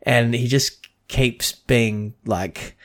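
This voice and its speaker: A man's voice: medium pitch, very slow. A man co-hosting a podcast in casual chat, rambling with frequent restarts and tangents. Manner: rambling, restarts a lot, chatty with lore tangents. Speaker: podcast co-host.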